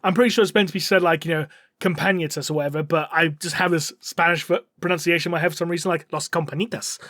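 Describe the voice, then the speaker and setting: Male podcast co-host, high voice, rambling recap, dry close sound. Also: fairly even intonation, very fast, a bit bright, no room sound. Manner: rambling, swears, acts out characters' lines. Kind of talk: casual story recap.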